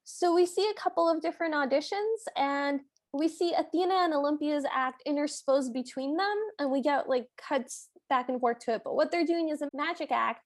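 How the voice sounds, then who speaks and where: A high-pitched woman chatting as a podcast co-host, playfully recapping a movie scene by scene. She slips into the characters' lines as she goes, with light laughter through her talk. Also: normal speed, few pauses. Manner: playful, acts out quotes with laughs. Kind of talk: casual chat recapping a movie.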